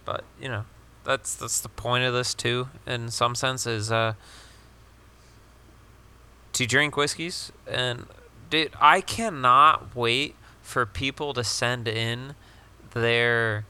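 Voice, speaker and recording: A man's voice: medium pitch, steady tone, takes it slowly, bright, forceful tone, smooth. A young man co-hosting a casual podcast chat, rambling with lots of fillers and casual swearing. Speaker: podcast co-host.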